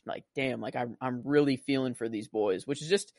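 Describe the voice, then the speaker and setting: A man's voice: mid-range voice, fairly even intonation, fast talker. A man co-hosting a film podcast, rambling casually with lots of "like" and "you know". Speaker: podcast co-host.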